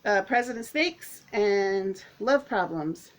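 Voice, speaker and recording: A woman vlogging to camera at home, chatting casually in a rambling, excitable way with lots of fillers. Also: mid-range voice, slow pace. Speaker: author and vlogger.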